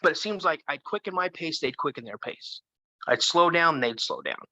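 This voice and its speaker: A man in his fifties, a guest telling a first-person story in an animated way, with frequent restarts. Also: a little high, normal speed, dry recording. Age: 50s.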